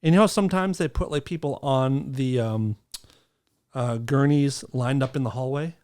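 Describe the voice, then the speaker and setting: A man in loose podcast banter, talking at a middle pitch. He tells stories casually and throws in dry, sarcastic jokes along the way. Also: moderate pace, a little mellow. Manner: sarcastic, joking asides. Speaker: podcast co-host. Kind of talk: casual chat.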